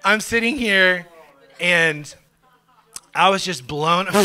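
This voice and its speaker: A young man, a pastor, telling his testimony to a church congregation in a casual, slangy way, at times breaking into loud joyful shouts. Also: high voice, a little hiss or hum. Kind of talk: testimony sermon. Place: church sanctuary.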